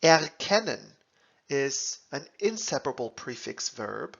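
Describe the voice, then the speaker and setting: A man narrating a scripted language lesson, deliberately sounding out German words and their translations, in a dull lo-fi recording. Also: a little high, lively intonation, vocal fry, fairly bright tone. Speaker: language teacher.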